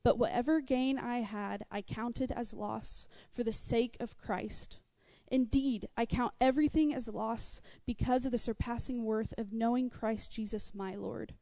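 A woman reads a scripture passage aloud at a measured, steady pace. Her voice is mellow and warm. It also sits fairly high. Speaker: scripture reader. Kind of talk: scripture reading.

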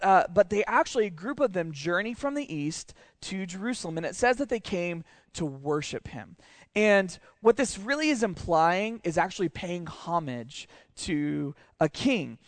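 A man preaching a sermon, telling a Bible story in a lively way and asking rhetorical questions. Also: high voice, no echo. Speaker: pastor.

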